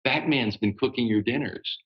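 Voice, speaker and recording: A man in his sixties, a voice actor, telling stories in a relaxed interview with many fillers and laughs. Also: mid-range voice, moderate pace, lo-fi sound. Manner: animated, laughing storyteller with lots of fillers. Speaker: guest voice actor. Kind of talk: casual interview storytelling.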